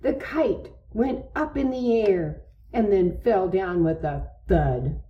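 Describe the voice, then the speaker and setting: A woman reading a children's story aloud in a gentle, deliberate way. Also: medium pitch, highs cut off.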